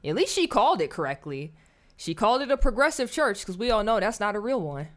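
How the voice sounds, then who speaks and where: A woman talks over clips on her live stream in a blunt, scornful, preachy way. Her voice sits in a middle pitch for a woman, and she speaks like she's chatting with her viewers. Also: sing-song, fast, a bit bright. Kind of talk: casual live-stream commentary.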